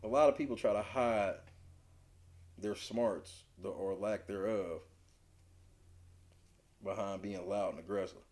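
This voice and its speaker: Speaking unhurriedly and leaving long pauses, a man co-hosting a podcast riffs on reality TV in a relaxed chat. He's blunt, profane and slangy, moving from low mutters to loud, forceful rants.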